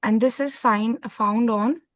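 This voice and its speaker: A woman's voice: fairly high pitch, steady tone, slow, no echo. A woman teaching a French lesson, explaining step by step and mixing Hindi with English. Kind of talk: online class lesson. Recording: dull, dry, lo-fi audio.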